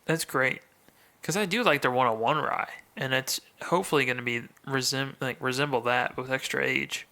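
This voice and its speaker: A man's voice: mid-range voice, moderate pace, vocal fry, pushed and bright. A man co-hosting a bourbon podcast, chatting casually and enthusiastically. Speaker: podcast co-host. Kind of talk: casual chat.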